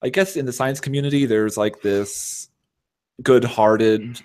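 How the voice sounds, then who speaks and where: A man's voice: mid-range voice, a little slow, darkish tone. A man chatting casually as a podcast guest, rambling with lots of fillers and poking fun at himself. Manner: rambling, self-deprecating, many fillers. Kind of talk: casual chat.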